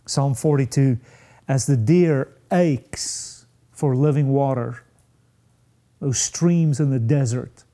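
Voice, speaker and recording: Slow, mellow-voiced male preacher. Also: medium pitch. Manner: slow, emphatic preaching with dramatic pauses and rising peaks. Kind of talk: sermon.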